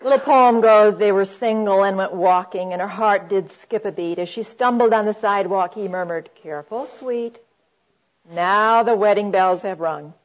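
A middle-aged woman speaks earnestly to a live audience about marriage, in the manner of a sermon, quoting scripture and calling the listeners her friends. Her voice sits at an ordinary pitch for a woman. The recording is dull and slightly lo-fi. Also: normal speed, few pauses.

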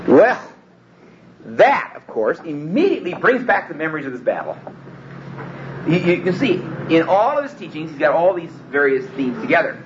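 A man's voice: fairly high pitch, big pitch swings, fairly quick. A man giving an expository Bible lecture, emphatic and often stopping to restart his sentences. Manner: emphatic, hesitant with many restarts. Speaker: Bible teacher. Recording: dull lo-fi recording with faint room hum.

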